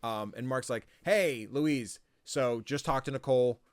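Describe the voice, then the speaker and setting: Male podcast co-host, casual recap, mid-pitched, rambling with fillers, swears, dry close sound. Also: a little slow, dry recording. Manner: rambling, swears freely, lots of likes and ums. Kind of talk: casual game recap chat.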